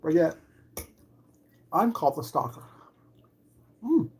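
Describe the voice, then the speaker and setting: A woman's voice: deep voice, sing-song, slow, a little mellow, slight background noise. A woman on a livestream, commenting on online drama with sarcastic rhetorical questions. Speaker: streamer.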